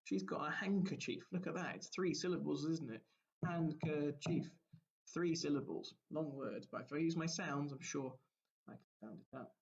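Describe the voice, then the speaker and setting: Guy teaching young kids a lesson, bit higher voice, gravelly, kinda muffled lo-fi recording. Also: brisk. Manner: gentle, storybook-like explaining with questions to children. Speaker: primary school teacher.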